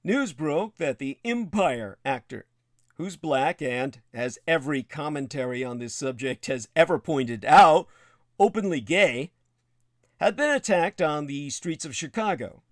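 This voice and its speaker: He hosts a livestream, reading news passages and then wandering off into wry digressions with lots of hesitation and fillers. His voice sits on the high side, expressive and a touch slow, in a dry, studio-quality recording.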